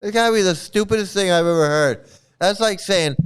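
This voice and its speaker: Brief: male streamer, slightly high, very smooth voice; scornful, swears, laughs a lot. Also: animated, moderate pace. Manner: mocking, profane, laughs often. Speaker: online streamer criticizing a cult. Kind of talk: casual reaction livestream.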